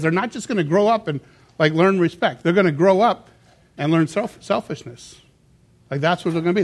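Animated middle-aged male pastor preaching. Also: on the high side. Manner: animated storytelling, acts out quotes in a raised voice. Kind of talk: sermon.

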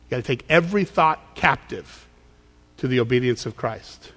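Pastor preaching in an echoing church hall. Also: male voice, medium pitch, animated, normal speed, fairly bright tone. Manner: conversational, acts out quoted voices. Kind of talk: sermon. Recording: long hall reverb.

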